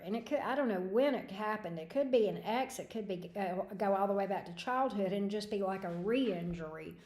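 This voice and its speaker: A woman's voice: mid-range voice, a little mellow, reverberant. A woman giving tarot readings on a livestream, thinking aloud in a hesitant, rambling way. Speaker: tarot reader. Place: home room at a desk.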